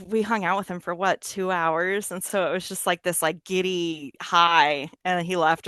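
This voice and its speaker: A woman's voice: fairly low pitch, a little fast, fairly bright tone, no echo, clean studio sound. A woman, a fan guest, recalling a meeting in a giddy, emotional way, laughing often. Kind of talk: casual interview recollection.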